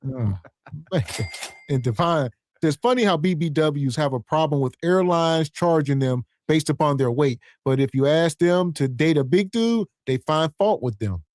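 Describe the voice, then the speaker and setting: A man's voice: a little high, lively intonation, moderate pace, a little mellow, no room sound. Laid-back man hosting a podcast. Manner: laid-back, exasperated reacting. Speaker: podcast host. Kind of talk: casual commentary.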